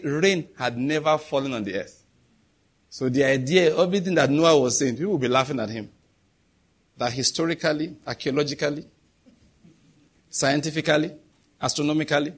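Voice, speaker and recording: Guy preaching, kinda husky, slightly high voice, punchy rhetorical questions. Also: moderate pace, pauses often. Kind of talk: sermon.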